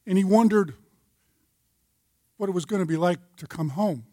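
An older man with a high voice gives a sermon-style Bible lesson to a group of men. He tells a story in a folksy way and cites scripture as he goes. The sound is dry and close. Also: normal speed, warm tone, no echo. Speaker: men's group teacher.

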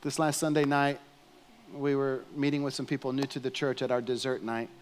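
A man's voice: medium pitch, level tone, fairly quick, slight background noise. A man, a pastor preaching a sermon, telling stories earnestly and pressing his appeals with fervour. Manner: earnest storytelling, rising to fervent appeals. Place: church sanctuary. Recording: long hall reverb in a church.

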